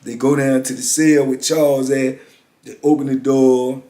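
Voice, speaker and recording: A man in his fifties, a former prisoner, telling prison stories in a lively, casual street-talk monologue. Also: medium pitch, moderate pace. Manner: animated, vivid street storytelling with frequent "you know what I'm saying". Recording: roomy echo.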